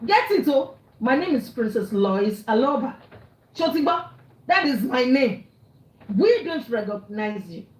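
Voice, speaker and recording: A woman's voice: high voice, sing-song, a little slow, roomy sound, poor audio. A woman with a Nigerian accent ranting angrily and scolding, mixing English, Pidgin and Yoruba. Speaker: online commentator. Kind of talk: angry rant.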